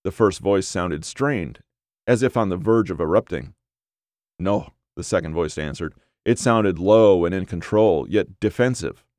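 A man narrating an audiobook story in a measured storytelling manner. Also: deep voice, a little mellow, dry recording, studio quality.

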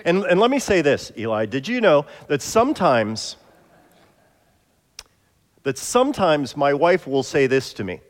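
A playful male pastor with a fairly high voice, bantering and coaxing helpers up front. His words ring out in a church with a long, lingering reverb. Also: big pitch swings, unhurried, long pauses. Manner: playful, jokey, coaxing volunteers. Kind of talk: interactive sermon. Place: church sanctuary.

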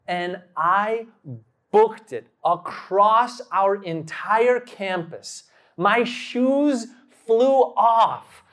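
A man preaching a sermon, telling a personal story slowly and dramatically, acting out quotes and breaking into sudden loud bursts. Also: high-pitched.

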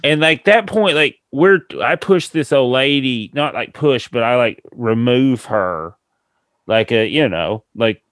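Speaking unhurriedly at a medium pitch with no room sound, a man hosting a podcast spins a long, rambling comic tale. He laughs as he goes and brings the characters to life with quoted voices in a relaxed storytelling chat.

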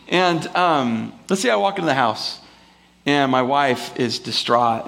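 Male pastor, casual rambling sermon delivery, gravelly fry in the voice, slips into playful character voices. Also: medium pitch, normal speed, a bit bright. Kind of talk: conversational sermon. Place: church before a live congregation.

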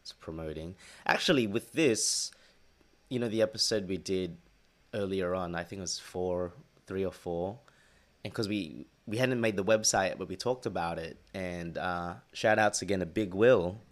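Deep-voiced guy co-hosting a chill podcast, rambles and restarts a lot, joking around. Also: normal speed. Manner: rambling, playful, restarts words. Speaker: podcast co-host. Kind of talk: casual chat.

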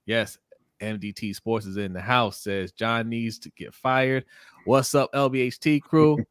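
A man's voice: medium pitch, unhurried, clear, resonant tone, dry recording, clean studio sound. A man co-hosting a sports livestream, reading viewer comments aloud and greeting each one by name, with frequent laughs. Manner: animated, greets chat by name, laughs often.

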